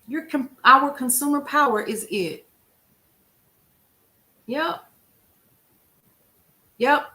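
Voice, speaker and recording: Female stream host, bright tone, casual, talks straight to the chat. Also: high-pitched, lively intonation, very slow, pauses often. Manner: emphatic, conversational, addresses viewers as "y'all". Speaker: livestream news show host. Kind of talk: casual livestream chat, answering viewer comments.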